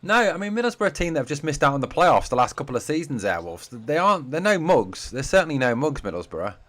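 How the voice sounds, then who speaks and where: A man with a fairly high, sing-song, fairly bright voice talks quickly while hosting a live fan watch-along. He calls the match as it unfolds in loose, chatty commentary, swearing a lot and answering viewer comments.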